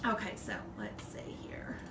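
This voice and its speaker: A woman's voice: measured pace, noisy background. Chatty Southern woman hosting a craft livestream. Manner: chatty, rambling, laughs often. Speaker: craft channel host. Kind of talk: casual live-stream chat.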